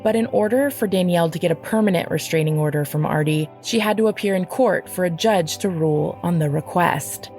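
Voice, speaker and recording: A woman narrating a true-crime podcast in a measured, matter-of-fact scripted delivery. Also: on the low side, darkish tone, soft background music.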